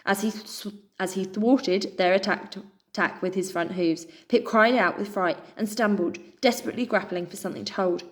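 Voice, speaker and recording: A woman reading a children's adventure story aloud with expressive narration. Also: medium pitch, normal speed. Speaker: children's book reader.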